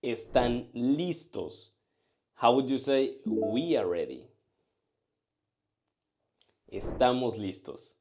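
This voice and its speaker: A man teaching a language lesson, drilling short phrases and answers in a slow, carefully enunciated way. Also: mid-range voice, expressive, darkish tone.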